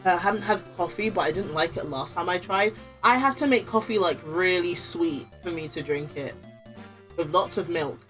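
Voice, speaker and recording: A woman's voice: on the low side, normal speed, a bit bright, soft background music. A woman streamer making casual, chatty, giggly asides between game lines.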